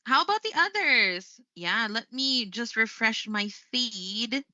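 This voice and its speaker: A woman teaches a live online English lesson in a very bright, high voice, speaking slowly and expressively, taking her time with each word and often breaking into easy laughter. The stream audio is close and dry with no echo, though slightly muffled.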